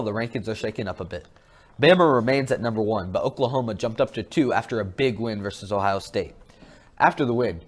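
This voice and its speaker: A teenage boy reading a college football update in a scripted student news style, with a dry, steady delivery. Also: on the low side. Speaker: student sports reporter.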